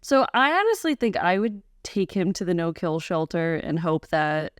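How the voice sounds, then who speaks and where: A woman's voice: lowish voice, big pitch swings, normal speed, no room sound, clean studio sound. A woman co-hosting a podcast in casual chat, easygoing and jokey. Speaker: podcast co-host.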